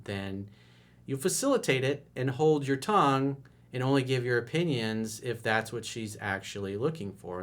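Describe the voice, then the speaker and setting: Male dating coach, mid-pitched, casual and emphatic, punchy jumps in pitch. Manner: casual and emphatic, with sudden rises in pitch and loudness. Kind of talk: coaching video monologue.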